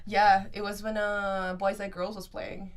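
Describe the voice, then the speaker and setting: A young woman co-hosting a podcast chats casually in an unhurried, mid-range voice, telling festival stories. She is an animated storyteller who acts out quotes and swears freely.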